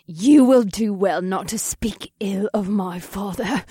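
Delphina, a shrill vengeful queen voiced by a man. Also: slow pace, warm tone, husky, no room sound, clean studio sound, exaggerated voice. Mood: scornful. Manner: growling, cold and scornful. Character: cruel deformed vengeful queen, a woman.

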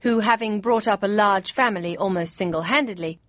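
A woman narrating an audiobook in the first person with crisp, even storytelling. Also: mid-range voice, brisk, dry recording. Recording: dry, slightly dull studio read.

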